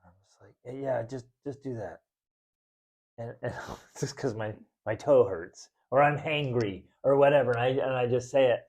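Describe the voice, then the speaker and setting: A man with a mellow, warm voice hosts a casual podcast conversation with his wife. He talks freely and animatedly, jumping into little acted-out voices when he retells their disagreements. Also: medium pitch, normal speed, highs cut off. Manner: animated, acts out arguments in voices. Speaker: podcast host.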